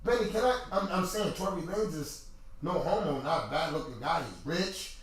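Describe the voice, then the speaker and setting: A high-pitched man hosts a podcast, speaking casually and often repeating himself, then rising to shouts. He sounds far from the mic in a strongly echoing room. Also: moderate pace, a little hiss or hum. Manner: animated, repetitive, rising to shouts when worked up. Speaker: podcast host. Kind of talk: casual opinion talk to viewers.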